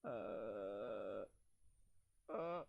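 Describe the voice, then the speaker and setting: A man's voice: lowish voice, animated, extremely slow, creaky, dry recording, lo-fi sound. A man with a Canadian accent chatting casually on a livestream while he edits video, rambling, full of "like" fillers and talking to himself as he works.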